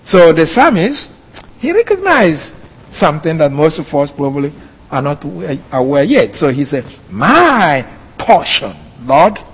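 A man preaching a sermon in a deliberate, emphatic way, stressing quoted phrases slowly. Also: a little high, expressive, slightly rough, long reverb tail, poor audio.

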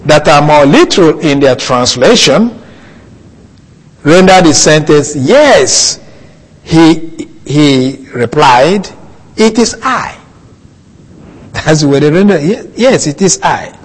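A man preaching a Bible teaching sermon, slow and deliberate, lingering on key words. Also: fairly high pitch, animated. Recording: long reverb of a hall.

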